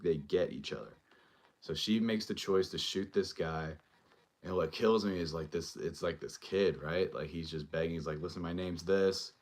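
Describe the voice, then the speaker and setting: A male show host giving a casual, rambling recap and review of a TV episode, full of fillers as he retells scenes. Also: deep voice.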